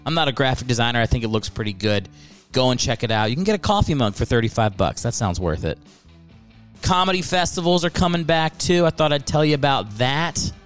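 A man's voice: medium pitch, lively intonation, a little fast, clean tone, soft background music. A man hosting a solo comedy podcast, rambling and joking about himself, often restarting his sentences. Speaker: podcast host.

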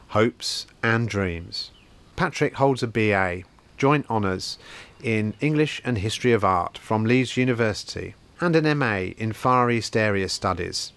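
A man hosting a podcast from his bookshop, reading out shop news and introducing a guest in a measured way. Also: fairly low pitch, fairly bright tone. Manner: measured, read-out announcements. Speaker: podcast host, bookshop owner.

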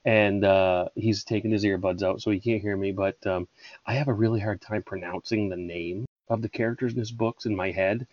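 A man's voice: on the low side, steady tone, a little fast, a little mellow, no echo, highs cut off. A man in his thirties co-hosting a casual podcast, chatty and jokey, stumbling now and then as he reads aloud. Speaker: podcast co-host.

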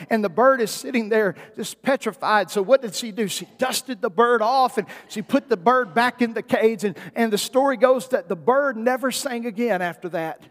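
A male pastor with a notably high voice delivers a sermon, moving from relaxed storytelling to emphatic, rising declarations. His voice rings through a church sanctuary with a long, hanging reverb. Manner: storytelling, builds to emphatic peaks.

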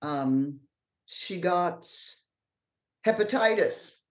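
Low-voiced woman with Mid-Atlantic diction. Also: lively intonation, echoey room. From New Orleans, USA. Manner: measured, proper diction, many pauses and fillers. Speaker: actor and author, podcast guest. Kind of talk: interview.

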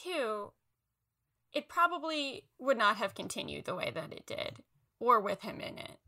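A young woman co-hosting a podcast, chatting in an animated, lively way about films. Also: a little high, unhurried. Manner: animated, laughs often. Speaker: podcast co-host. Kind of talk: casual film chat.

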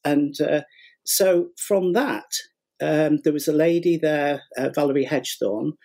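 Rambling storytelling man, husky voice. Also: on the high side, a little slow, darkish tone. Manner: rambling, many fillers and repeats, acts out quotes. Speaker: guest, sugar flower artist and teacher. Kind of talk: casual storytelling in a podcast interview.

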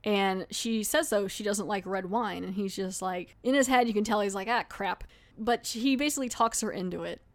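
A woman hosts a podcast and talks through a TV episode in a casual, chatty way. Her voice sits at an ordinary middle pitch for a woman. She retells it with animation, laughing and throwing in quick acted lines. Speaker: podcast host.

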